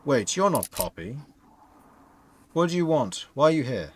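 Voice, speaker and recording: A man's voice: medium pitch, sing-song, normal speed, a little hiss or hum, close to an everyday voice. A man voicing a young, thin ghostly male butler who is proud of his post and speaks curtly and impatiently. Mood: irritated. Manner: curt, impatient questioning.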